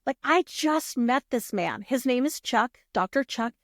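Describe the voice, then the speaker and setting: A woman guest on a podcast, telling stories in a lively, casual way, acting out what people said and swearing freely. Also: fairly high pitch, a little slow, no echo, clean studio sound. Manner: animated, acts out quoted voices, swears freely. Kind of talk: casual storytelling.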